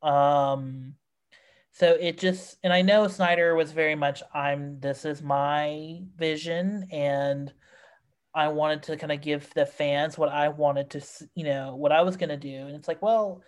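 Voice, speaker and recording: Slow, rambling podcast host. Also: mid-range voice, steady tone, clean tone. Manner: rambling, exasperated, many fillers. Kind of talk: casual film review chat.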